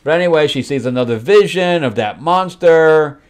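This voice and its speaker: A man's voice: a little high, animated, normal speed, clear, resonant tone. A man hosting a comic book review show, talking bluntly and with open frustration, and mocking the characters in put-on voices as he flips through the pages. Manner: blunt, exasperated critique with mocking acted-out quotes. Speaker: host.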